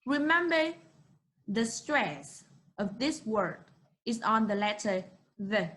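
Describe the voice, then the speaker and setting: A young woman with a Vietnamese accent teaching an English class online, encouraging and slowly modeling words for students to repeat. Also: a little high, lively intonation, fairly bright tone, a little hiss or hum, low-quality recording.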